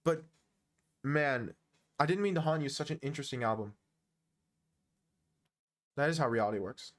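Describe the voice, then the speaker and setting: Young american guy streaming chess, kinda high voice, jokes around and teases chat. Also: normal speed. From United States. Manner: joking, teasing banter, chuckles often.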